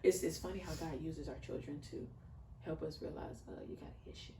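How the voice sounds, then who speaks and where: A woman in her thirties talks earnestly about faith and raising children, rising and swelling as she speaks. Her voice sits fairly low and sounds a little distant from the mic. The room is echoey, with faint noise in the background. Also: fairly even intonation, brisk, warm tone. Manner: earnest, heartfelt, preacher-like storytelling. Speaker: podcast guest. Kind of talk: casual conversational interview.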